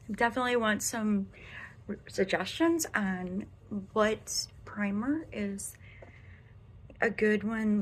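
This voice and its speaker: A woman's voice: mid-range voice, husky. Chatty young Midwestern woman vlogging makeup. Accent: American Midwestern. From American Midwest. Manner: chatty, rambling, often drops to a whisper. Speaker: beauty vlogger. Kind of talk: casual makeup review vlog. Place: bedroom.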